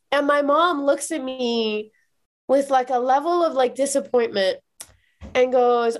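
A woman from Iran in her thirties, a podcast guest telling personal stories in a lively, quick way with many "like" fillers. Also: high voice. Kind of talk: animated personal storytelling in a podcast interview.

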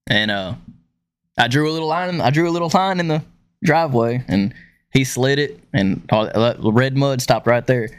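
A man's voice: medium pitch, normal speed, clean tone. Profane man spinning yarns. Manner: profane, rambling storyteller. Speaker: podcast co-host. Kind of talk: casual podcast chat.

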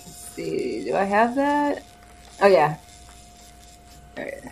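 Slow, lively playful woman player. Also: mid-range voice, creaky, a little hiss or hum. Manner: giggly, playful. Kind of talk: casual game chat.

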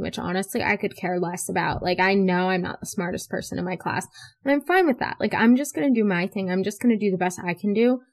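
Chatty teenage girl hosting a podcast. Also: mid-range voice. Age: teens. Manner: chatty, animated storytelling with many "like" fillers. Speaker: podcast host. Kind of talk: casual chat.

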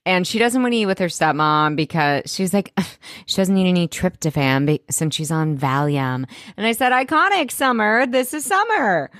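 Animated woman recapping a show. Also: deep voice, dry recording, studio quality. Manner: animated, acts out characters in quick impressions. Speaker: podcast co-host. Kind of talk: casual recap chat. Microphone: close studio mic.

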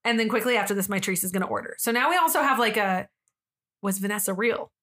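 A woman's voice: mid-range voice, fast talker, fairly bright tone. A young woman co-hosting a casual true-crime podcast, telling the story in a chatty way and acting out what people said. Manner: chatty storyteller, acts out quotes, lots of "like". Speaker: podcast co-host.

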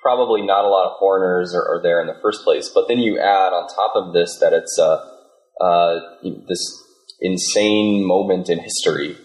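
Low-voiced male interviewer in an echoey room. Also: steady tone, normal speed, darkish tone. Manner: brief backchannels, rambling questions. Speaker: interviewer, host. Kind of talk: conversational interview questions.

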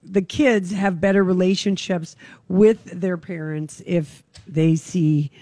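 A woman's voice: lowish voice, fairly even intonation, slow pace, warm tone, dry recording, clean studio sound. A woman co-hosting a casual talk show, chatting frankly and joking with her co-host. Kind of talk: casual chat.

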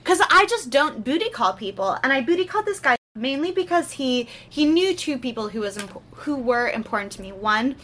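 A young woman chats on a podcast, spilling a story with lively asides and frequent swearing. Her voice sits high and bright. She sounds relaxed in a studio setting. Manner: animated, swearing, quick asides. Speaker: podcast host. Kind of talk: casual storytelling chat.

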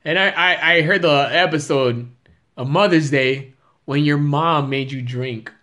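A young man with an East Los Angeles accent, a guest on a casual podcast, joking and excitable, full of slang and swearing. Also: a little high, a little slow.

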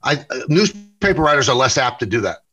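A man's voice: mid-range voice, very animated, sharp tone, slightly rough, rough recording. A middle-aged man with a New York accent, a guest in a casual interview, telling stories and often repeating and correcting his words. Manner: storytelling, quick self-corrections, repeats words. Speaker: sportscaster and interview show host, guest here.

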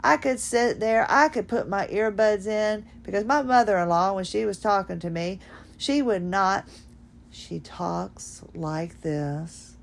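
A woman hosting a podcast in a fast-talking, folksy, animated monologue. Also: mid-range voice, vocal fry, slight background noise. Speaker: podcast host. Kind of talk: casual monologue.

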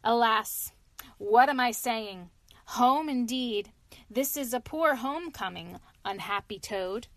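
A woman voicing a solemn, gruff old male badger in a read-aloud story, speaking with a grave, weighty delivery. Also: fairly high pitch, slow pace, a bit bright, dry recording.

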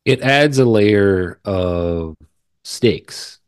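Deep voiced dude rambling with lots of restarts, dry mic. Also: male voice, expressive, smooth, no room sound. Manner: rambling, halting, many restarts. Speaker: podcast co-host. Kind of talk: casual book review chat.

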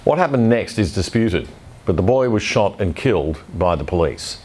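A man's voice: fairly low pitch, animated, normal speed, darkish tone. A man hosting a news commentary show, delivering opinionated scripted commentary in a blunt manner.

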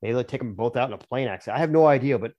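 A man's voice: medium pitch, rapid-fire, darkish tone, dull audio. A man on a podcast as a guest author, chatting casually in a rambling, jokey way with frequent restarts. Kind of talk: casual chat.

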